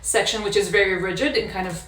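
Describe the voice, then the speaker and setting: A woman's voice: mid-range voice, fairly even intonation, quick pace, a bit bright. Woman explaining violin practice, echoey room. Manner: thoughtful, explanatory, with frequent fillers. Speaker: violin teacher. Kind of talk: casual practice demonstration.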